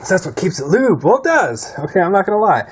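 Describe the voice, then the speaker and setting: A man's voice: high voice, very animated, fast, slight background noise. Swearing man fixing a quad. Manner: profane, frustrated muttering. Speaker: DIY mechanic vlogger. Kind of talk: casual talk while repairing.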